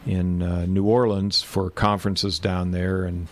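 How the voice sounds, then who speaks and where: Lowish older man telling rambling stories. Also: little pitch movement, unhurried. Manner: rambling anecdotes, self-deprecating humor, many filler restarts. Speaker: retired band director. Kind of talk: oral history interview.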